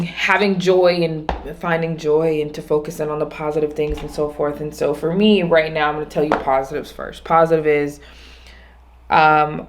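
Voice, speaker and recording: A woman vlogging alone, talking through her day in a rambling, reflective way, often restarting and slowing down on her main points. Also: sits low, slight background noise. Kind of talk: casual reflective monologue.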